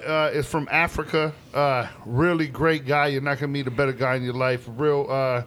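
A man's voice: mid-range voice, fairly even intonation, moderate pace, fairly bright tone. A man chatting on a podcast, telling pizza shop stories with lots of swearing and laughter. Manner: profane, laughing storyteller. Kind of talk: casual chat storytelling.

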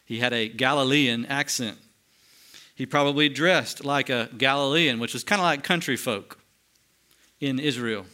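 A man preaching a sermon, moving between lively emphasis and hushed, slow solemn passages. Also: medium pitch. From United States. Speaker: pastor.

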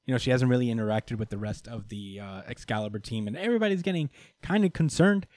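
A man's voice: medium pitch, expressive, fast, darkish tone, no echo, clean studio sound. A man casually recapping a comic book story, full of fillers, laughter and swearing. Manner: laughs often, many fillers, swears freely. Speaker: podcast host.

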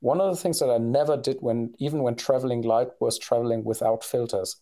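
A man's voice: medium pitch, fairly even intonation, brisk, warm tone. A man co-hosting a podcast in casual conversation, talking hesitantly with many fillers and restarts. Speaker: podcast co-host.

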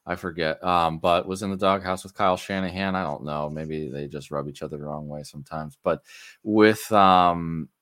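A man co-hosting a podcast, chatting casually and ranting with animated exasperation. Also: low voice, normal speed, no room sound, clean studio sound. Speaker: podcast co-host. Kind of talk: casual chat.

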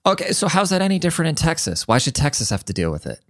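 A man's voice: on the high side, sing-song, very fast, dry recording. A man hosting his own podcast, ranting bluntly and profanely in casual commentary. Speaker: podcast host.

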